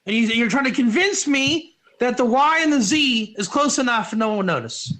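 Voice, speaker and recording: Male Torah teacher, high and bright, excitable, asks rhetorical questions. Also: normal speed. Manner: excitable, rhetorical, voice jumps up when animated. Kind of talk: animated Torah class.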